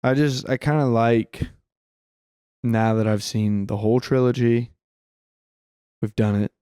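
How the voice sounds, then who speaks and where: A man's voice: mid-range voice, fairly even intonation, a little slow, mellow, smooth, dry recording, clean studio sound. A man co-hosting a casual film podcast, rambling and restarting his sentences, swearing freely. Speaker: podcast co-host.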